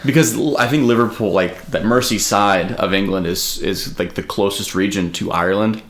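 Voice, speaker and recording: A man's voice: on the low side, normal speed, fairly bright tone. A man co-hosting a podcast from the United States, telling stories in a rambling, filler-heavy casual chat. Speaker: podcast co-host.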